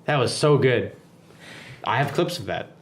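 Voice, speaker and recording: A man's voice: medium pitch, expressive, unhurried. A man co-hosting a casual podcast, bantering with dry, teasing remarks. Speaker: podcast co-host. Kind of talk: casual chat.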